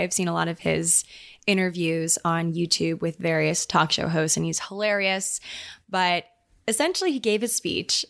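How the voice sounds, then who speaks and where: A young woman hosting her own podcast, talking in a loose, chatty way with plenty of "like" fillers and quick laughs. Her voice sits a little lower than most women's. She sounds relaxed and conversational rather than scripted. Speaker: podcast host. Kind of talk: casual chat.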